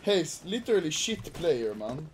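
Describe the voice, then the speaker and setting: A man's voice: a little high, sing-song, unhurried. Shrieking, laughing young man on a gaming stream. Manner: laughs constantly, bursts into loud shrieks of disbelief. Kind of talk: excited gaming stream banter. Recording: noisy background hiss.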